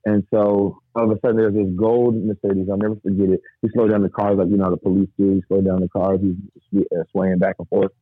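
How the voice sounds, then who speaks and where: A man's voice: deep voice, flat delivery, quick pace, hardly any pauses, dry recording. A man, the guest, telling an emotional personal story in a rambling, vivid way, acting out the voices of people he quotes. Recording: tinny phone-like dry sound.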